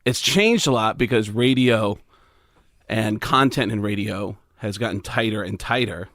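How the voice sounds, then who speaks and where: A man's voice: lowish voice, a little slow, fairly bright tone, no room sound, studio quality. A man, a comedian guest on a podcast, telling stories in an easygoing way with many fillers. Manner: easygoing, storytelling, stumbles over fillers. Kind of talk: casual chat.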